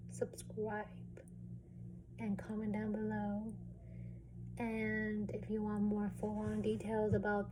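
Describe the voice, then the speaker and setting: Young female vlogger, candid and relaxed, slow delivery, warm mellow voice. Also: medium pitch, slight background noise. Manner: candid, relaxed, lots of fillers and some swearing. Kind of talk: casual storytelling vlog.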